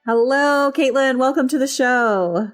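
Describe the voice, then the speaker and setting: A woman's voice: sits high, measured pace, faint music behind. A woman hosting a podcast and chatting casually, with lots of filler words. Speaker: podcast host.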